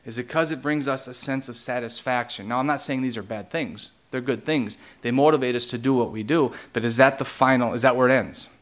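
A male pastor delivers a teaching sermon, his voice sitting at an ordinary middle pitch. He keeps putting rhetorical questions to the congregation and pauses to explain theological terms.

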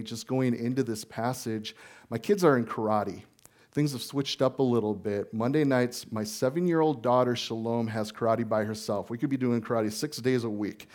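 A man's voice: mid-range voice, darkish tone. A man in his thirties preaching a sermon as pastor in a church, earnest and conversational, often calling the congregation "guys". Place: church sanctuary.

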